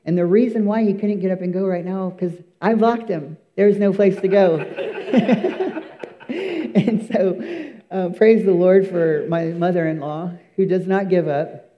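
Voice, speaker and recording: Sharing his testimony at church, a high-voiced man speaks with earnest emphasis, frequently stalling on fillers and starting over. The audio sounds a bit dull and low-fidelity.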